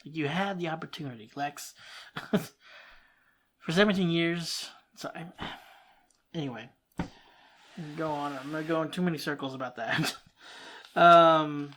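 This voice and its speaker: A reaction-video host chatting loosely about a TV episode. The talk wanders and restarts itself, broken up by short laughs, in a middling voice that is neither high nor low. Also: measured pace, long pauses, fairly bright tone. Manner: rambling, restarts thoughts, laughs often. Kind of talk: casual reaction commentary.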